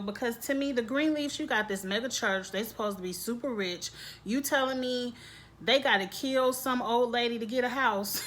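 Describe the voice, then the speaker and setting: A woman giving a casual, opinionated vlog review of a TV episode, with animated asides. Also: fairly high pitch. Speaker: TV show reviewer. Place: home, grass being mowed outside.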